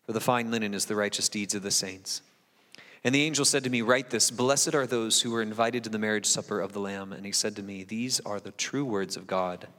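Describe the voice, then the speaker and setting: A man's voice: lowish voice, a bit bright. A pastor in his forties reading scripture and preaching a sermon in a conversational, self-deprecating way with frequent asides. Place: church sanctuary. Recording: long reverb of a large hall.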